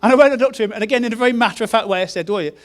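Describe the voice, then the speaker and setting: High-voiced man preaching a sermon. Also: rapid-fire. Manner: earnest storytelling, repeats key phrases. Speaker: pastor.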